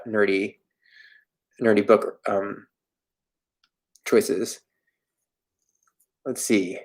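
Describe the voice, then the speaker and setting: A young man from Florida hosting a livestream, answering viewer questions in a candid, self-deprecating, rambling way. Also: medium pitch. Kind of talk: casual livestream chat. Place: home in New York.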